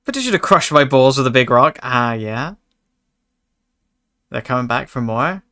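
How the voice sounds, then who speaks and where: A male streamer commentates a card game in a loose, chatty way, reacting to chat with jokes and put-on fury. His voice is bright and forceful, sitting at an ordinary middle pitch. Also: expressive, normal speed. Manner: chatty, joking, mock-angry asides to chat. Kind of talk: casual gaming commentary.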